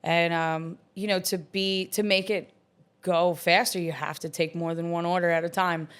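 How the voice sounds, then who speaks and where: A woman in her thirties with a slightly low voice tells bar stories casually. She rambles in a chatty way, leaning on "like" and "um" and laughing as she goes. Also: level tone, normal speed, clear, resonant tone. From Long Island, New York. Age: 30s. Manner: chatty, many "like" and "um" fillers, laughs often. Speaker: bartender guest. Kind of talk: casual storytelling in an interview.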